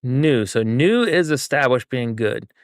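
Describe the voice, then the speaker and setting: A man's voice: mid-range voice, lively intonation, a little slow, no echo, clean studio sound. A man streaming a game, chatting with viewers and thinking aloud as he works through a puzzle. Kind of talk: casual live gameplay chat.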